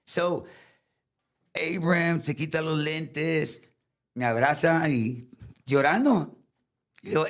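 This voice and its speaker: A man's voice: fairly high pitch, a little slow, pauses often. A middle-aged man with a Tejano accent, telling a painful personal story in rambling English mixed with Spanish, full of fillers. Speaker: guest recounting a story.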